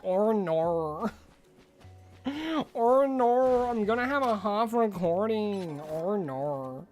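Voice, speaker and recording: A man's voice: high voice, animated, extremely slow, a little mellow, faint music behind. A man streaming a video game in casual live-stream chat, rambling and exclaiming to himself as he plays.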